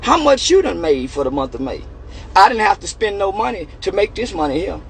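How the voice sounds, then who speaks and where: Very high-voiced bragging man. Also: sing-song, brisk, creaky, slight background noise. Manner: taunting, bragging, repetitive; profane street slang. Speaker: online personality. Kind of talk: boastful casual vlog rant.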